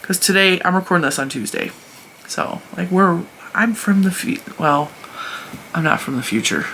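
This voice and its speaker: A woman's voice: on the low side, lively intonation, moderate pace, a bit bright, slight background noise. A woman in her forties chatting casually to camera as host of a crochet channel, talking freely and laughing often between thoughts, recorded on a phone set up in front of her. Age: 40s. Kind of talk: casual vlog chat. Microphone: phone mounted in front of her.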